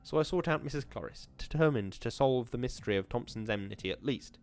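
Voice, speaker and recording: A man reads a classic horror story aloud in a measured, formal narrating voice at a medium pitch. Faint music sits under the reading. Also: lively intonation. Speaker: podcast host reading a story.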